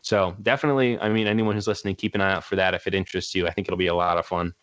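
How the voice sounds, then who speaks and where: A man talks casually as a guest musician in a low voice. He rambles, piling up fillers as he goes. The sound is dry and a bit dull, like lo-fi audio. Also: fairly even intonation, racing, a bit bright, no echo. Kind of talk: casual interview chat.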